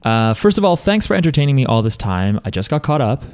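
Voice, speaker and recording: A man's voice: mid-range voice, sing-song, fast talker, clean tone. A man hosting a podcast in casual chat, rambling and reading listener emails aloud. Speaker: podcast host.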